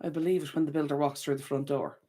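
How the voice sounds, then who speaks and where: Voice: mid-range voice, fairly even intonation, quick pace, dark tone. Young adult stream host, casual and chatty, laughs a lot, corrects themself mid-sentence, mid-range voice. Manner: chatty and rambling, frequent laughter and self-corrections. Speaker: channel host. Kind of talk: casual livestream chat, reading viewer comments.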